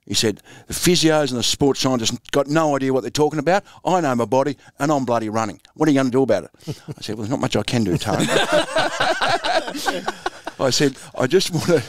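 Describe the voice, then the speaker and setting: An Australian man in his sixties, formerly a footballer and coach, relates anecdotes with easygoing chuckles in a storytelling interview. His mid-range voice moves briskly, captured in a dry, clean studio recording.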